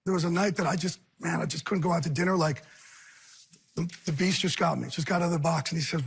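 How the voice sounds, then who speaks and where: A man, a guest on a talk show, talking candidly and earnestly in intense rushing bursts. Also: a little high, steady tone, gravelly, breathy edge.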